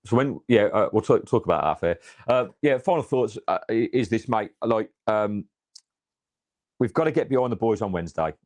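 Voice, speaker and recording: A man's voice: fairly low pitch, expressive, fairly quick, darkish tone, no echo. A man from England, chatting casually about his football club in a rambling way full of restarts and fillers. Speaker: podcast co-host. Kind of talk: casual football fan chat.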